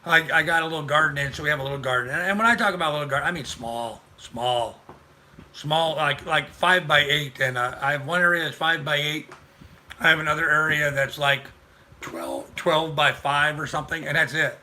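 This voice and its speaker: Older guy rambling on his live stream, real bright tone, chatty with viewers. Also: a little high, fairly even intonation, fast talker, a little hiss or hum. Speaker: livestream host. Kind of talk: casual live-stream chat.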